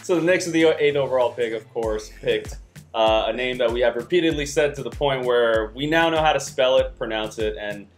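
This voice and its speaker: New guy hosting a sports podcast, average pitch, chatty, restarts a lot, faint music under him. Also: a little fast. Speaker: podcast host. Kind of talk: casual sports podcast chat.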